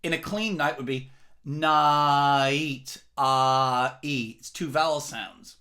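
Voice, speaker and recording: A man's voice: mid-range voice, slow pace, pushed and bright. A man teaching rock singing, explaining technique in a careful, step-by-step way. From England. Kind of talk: vocal lesson.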